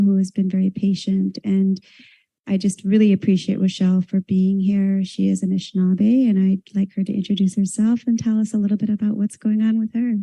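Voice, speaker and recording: A woman's voice: mid-range voice, vocal fry, mellow, no room sound, low-quality recording. A woman moderating a panel at a university event, thanking speakers and passing the mic.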